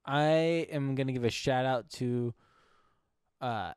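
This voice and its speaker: A man's voice: mid-range voice, slow, darkish tone, smooth, no echo, clean studio sound. A man co-hosting a movie review podcast, chatting casually and joking, often laughing. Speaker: podcast co-host.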